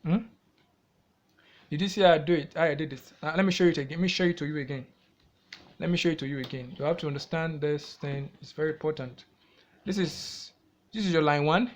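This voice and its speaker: Talking fast with long pauses in between, a man with a slightly high voice and a Nigerian English accent gives a music theory lesson. He often repeats points and poses questions to the viewer that he then answers himself.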